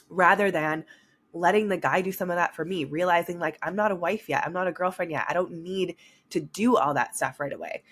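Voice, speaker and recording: A young woman with a lowish voice hosts a solo podcast at a normal pace. She talks frankly and energetically, swears casually, and speaks straight to her listeners.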